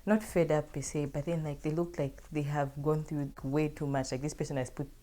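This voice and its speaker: A woman's voice: sits low, steady tone, a little fast, dark tone. A young woman casually telling a personal story to her viewers in a chatty, filler-heavy way.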